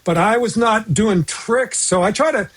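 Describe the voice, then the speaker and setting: A man's voice: high voice, measured pace, husky. An older man from the United States, chatting as a podcast guest in a self-deprecating, rambling way with frequent chuckles. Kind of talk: casual conversation.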